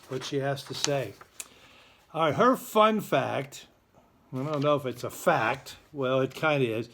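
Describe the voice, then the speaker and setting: A man hosting a school's morning announcements, in a chatty, joking, self-deprecating manner. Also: medium pitch. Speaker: school morning show host.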